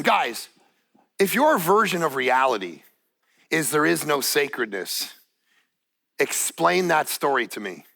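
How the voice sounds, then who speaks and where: Gravelly, bright-voiced storytelling pastor. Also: male voice, a little high. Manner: conversational, building to emphatic. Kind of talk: sermon storytelling. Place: church stage.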